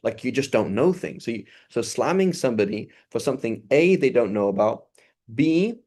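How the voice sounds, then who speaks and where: A man teaching a religious lesson in a casual, conversational way, acting out little dialogues as he goes. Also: medium pitch. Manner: animated, acts out dialogue in quick asides. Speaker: Islamic teacher.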